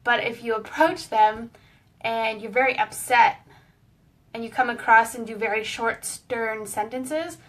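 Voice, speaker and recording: Friendly woman educator, a touch high-pitched, talks through a relaxed lesson; recorded a little far off. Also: unhurried. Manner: friendly, explanatory, with small fillers. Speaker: pet wellness educator. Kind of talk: casual online lesson.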